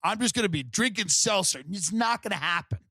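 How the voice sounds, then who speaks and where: Man, sardonic rambling storyteller, podcast host, bright forceful tone, slightly high voice, dry close sound. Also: lively intonation, brisk, dry recording. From Long Island, New York. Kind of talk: casual storytelling.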